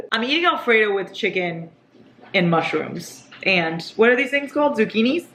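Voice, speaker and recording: A young woman in her twenties chatting excitedly about books in a casual reading vlog, swearing casually and saying "like" a lot. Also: a little high, normal speed, slight background noise. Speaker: book vlogger. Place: home kitchen at night.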